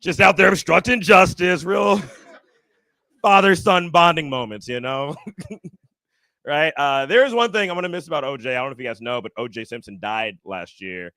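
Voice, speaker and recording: A man doing a stand-up comedy set on stage, animated and acting out other people's voices. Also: fairly quick, clear, resonant tone, no echo. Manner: animated, acts out other people's voices with big jumps in pitch. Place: comedy stage before a live audience.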